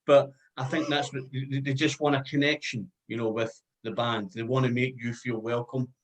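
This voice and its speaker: A man's voice: mid-range voice, level tone, normal speed, poor audio. A Scottish man interviewing musicians in a rambling, enthusiastic casual chat, swearing freely. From Scotland.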